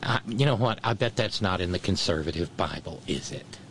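A man's voice: deep voice, lively intonation, fairly quick, slight background noise. A man giving a sardonic commentary monologue, mocking and scornful, with wry asides between the quotes he reads out. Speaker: political commentator.

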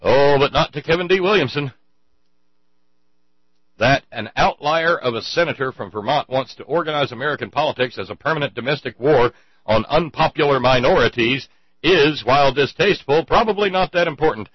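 Sarcastic guy ranting politics, low voice all over the place, dry humming lo-fi sound. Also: expressive, a little fast, breathy edge, dry recording. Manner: sarcastic, stammering restarts. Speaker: show host. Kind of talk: political commentary monologue.

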